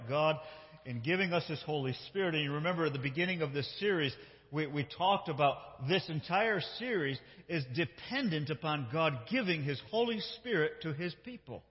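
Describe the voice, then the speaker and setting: Male pastor preaching in a reverberant hall. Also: a little high. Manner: reads scripture aloud, voicing the characters' lines with emphasis; conversational, asks the congregation questions. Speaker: lead pastor. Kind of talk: sermon. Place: church sanctuary. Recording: dull reverberant church hall sound.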